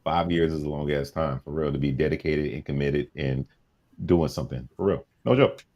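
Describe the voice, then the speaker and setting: A man's voice: extremely low pitch, fairly quick, muffled recording. A man co-hosting a podcast in casual chat, talking in a laid-back, slangy way. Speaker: podcast co-host.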